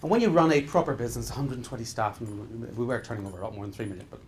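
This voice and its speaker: A man's voice: medium pitch, very fast. Brief: male business trainer, middle-aged, mid-range voice, punchy repetitive delivery, faint background hiss. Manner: emphatic, repetitive exhortations with frequent restarts. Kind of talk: live seminar talk.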